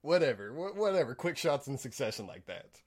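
A man's voice: mid-range voice, very animated, brisk, husky. Hesitant, rambling American man. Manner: hesitant, many fillers and restarts, laughs softly. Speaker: podcast co-host. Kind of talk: casual film review chat.

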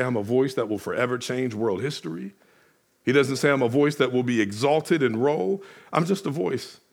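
A man preaching a sermon as a pastor, moving between hushed lines and loud ones and repeating phrases for emphasis. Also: mid-range voice, vocal fry.

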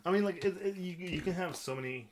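A man's voice: high voice, fast talker, crowd noise. A man co-hosting a casual podcast, rambling and often restarting his sentences. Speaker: podcast co-host. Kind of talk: casual chat.

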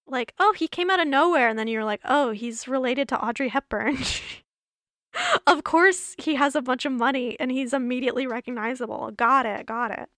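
A woman's voice: on the high side, a bit bright, no echo. Female podcast host, giggly rambling chat, tired worn-out voice, dry close-miked sound. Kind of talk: casual solo podcast chat.

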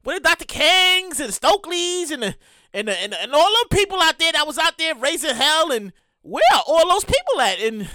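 Casual news-commentary host with a bright, sharp timbre and a very lively delivery. Profane and given to repeats and restarts. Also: high voice, normal speed, dry recording, studio quality. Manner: animated, profane, acts out other people's reactions; repeats words and restarts often. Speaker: show host.

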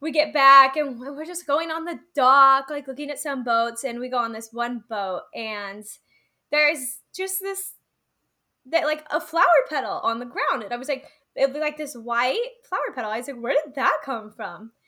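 A woman's voice: high-pitched, lively intonation, moderate pace, pushed and bright. A young woman co-hosting a podcast, telling stories in casual chat, giggly and full of "like"s. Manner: giggly storytelling, many "like"s. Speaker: podcast co-host.

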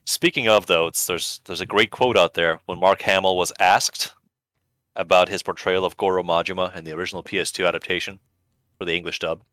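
A man's voice: low voice, steady tone, a little fast, a bit bright, no echo. A man cohosting a podcast in casual chat, riffing sarcastically and tossing out mock quotes. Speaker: podcast co-host.

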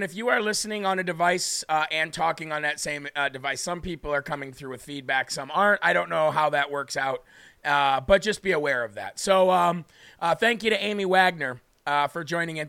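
A man hosting a call-in show, chatting casually and warmly with callers and signing off with blessings. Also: sits high, smooth, no echo, clean studio sound. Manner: folksy, affectionate, religious sign-offs. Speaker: show host taking callers.

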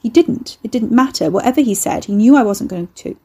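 Woman doing a creaking house spirit, possessive, soothing, mellow, breathy. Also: a little high, expressive, a little fast.

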